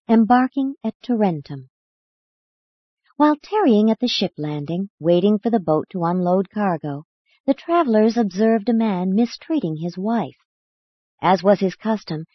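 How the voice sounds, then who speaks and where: A woman narrating an audiobook in a steady, unhurried way. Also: medium pitch, husky, no echo, highs cut off.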